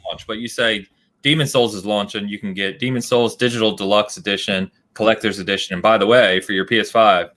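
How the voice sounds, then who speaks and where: A man's voice: lowish voice, steady tone, fairly quick, a bit bright. A man co-hosting a podcast, talking casually and animatedly, laughing often and thinking aloud with fillers. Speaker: podcast co-host.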